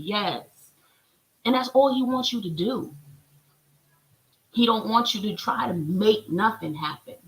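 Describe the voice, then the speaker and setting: A woman's voice: fairly low pitch, fairly bright tone, rough recording. A woman, a spiritual healer, talking casually on a live stream as she reads oracle cards and gives chatty, preachy encouragement.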